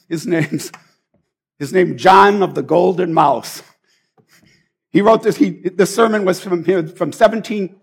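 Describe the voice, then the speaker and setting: A man's voice: fairly high pitch, creaky, slightly rough. A man giving an informal, conversational sermon, earnest and often restarting his sentences. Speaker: preacher.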